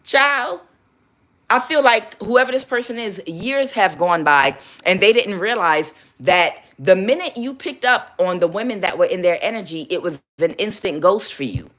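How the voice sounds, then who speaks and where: A woman giving a casual tarot reading, animated and sassy, laughing often and calling the listener child. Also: mid-range voice, measured pace. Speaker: tarot reader.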